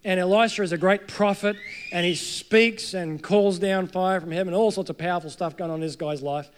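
A man preaching a sermon, earnest, climbing to emphatic peaks and sinking to soft, low passages. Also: steady tone, brisk, a little hiss or hum.

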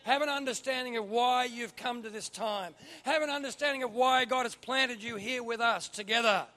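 Male pastor, high bright voice, animated preaching, sudden loud emphasis. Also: normal speed. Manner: animated, swings from quiet to loud emphatic bursts. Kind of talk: sermon.

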